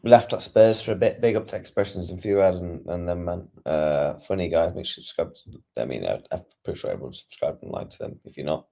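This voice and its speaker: A man's voice: low voice, brisk, creaky, warm tone. A man hosting a football stream and chatting casually with his viewers in a laid-back, slangy way. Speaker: streamer host.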